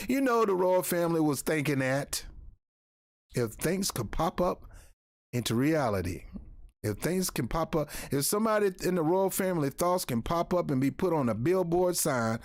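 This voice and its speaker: Middle-aged man, New York accent, opinionated vlog rant, fairly high voice, dry close sound. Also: lively intonation, moderate pace, dry recording. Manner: blunt, rambling, repeats himself. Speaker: YouTube commentator.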